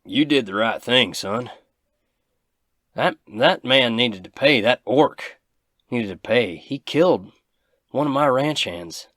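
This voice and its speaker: A man voicing a brash, rough-spoken rancher who talks loudly and swears. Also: medium pitch, lively intonation, takes it slowly, long pauses, no echo, clean studio sound, voice pushed up. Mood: defensive. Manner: loud, swearing, defiant.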